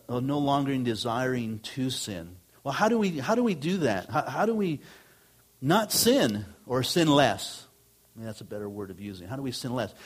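A middle-aged male pastor delivering a sermon to his church in an easy, conversational tone. His voice sits at an ordinary male pitch and swells up on emphatic points, then falls quieter for asides. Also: breathy edge. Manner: conversational preaching with rising emphatic lines.

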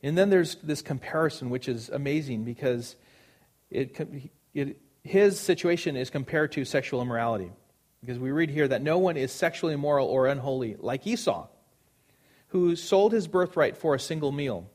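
A man's voice: medium pitch, animated, moderate pace, darkish tone. A man preaching a sermon, earnest and emphatic, repeating phrases for stress.

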